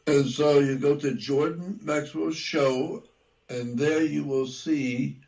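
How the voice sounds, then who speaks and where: Gravelly guy talking real slow, goes over the same details again and again, interview guest. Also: fairly high pitch, steady tone, a little mellow, lo-fi sound. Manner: slow, deliberate, repeats details for emphasis; spells out words letter by letter. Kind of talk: conversational interview.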